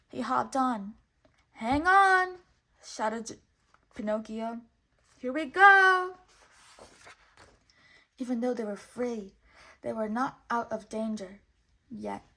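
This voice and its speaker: A woman reading a children's storybook aloud in clear, measured narration. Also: on the high side. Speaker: storybook reader.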